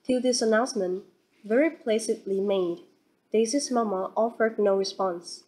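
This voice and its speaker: Female audiobook narrator, steady and even, reading a classic novel. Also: mid-range voice, normal speed, poor audio.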